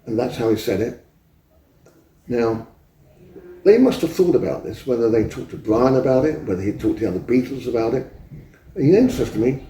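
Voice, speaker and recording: A man's voice: mid-range voice, lively intonation, brisk, mellow, a little hiss or hum. Older man in a roomy, distant recording. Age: 70s. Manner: rambling, acts out quoted dialogue. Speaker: interview guest. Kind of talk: anecdotal storytelling. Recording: roomy echo, distant mic.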